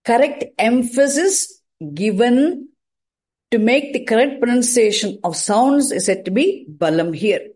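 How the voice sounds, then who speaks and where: Slow, careful woman teaching. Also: a little high, animated, darkish tone. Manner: deliberate, repeats and demonstrates sounds. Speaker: teacher of Vedic chanting. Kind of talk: slow explanatory lesson.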